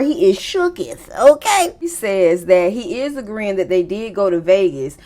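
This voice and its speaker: A woman hosting a casual reality TV recap, talking in lively slang, laughing often and throwing in teasing, disbelieving asides. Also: mid-range voice, unhurried, hardly any pauses. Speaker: recap show host.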